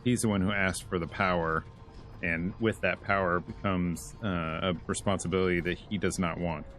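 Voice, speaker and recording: A man hosting a casual comic book review, retelling the story in an animated way and chuckling as he goes. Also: deep voice, normal speed, soft background music. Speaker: host.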